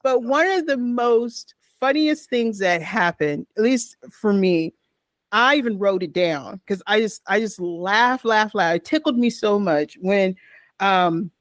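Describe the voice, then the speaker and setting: A woman on a podcast recounting funny film moments in a giggly, animated way. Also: mid-range voice, a little slow, no echo. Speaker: podcast panelist. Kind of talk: casual film discussion.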